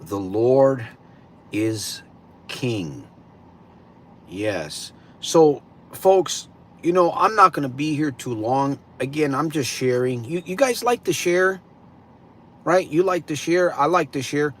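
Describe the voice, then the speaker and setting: A man hosting a live stream, greeting viewers and slowly posing reflective questions to them. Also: medium pitch, lively intonation, a bit bright. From California. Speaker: livestream host.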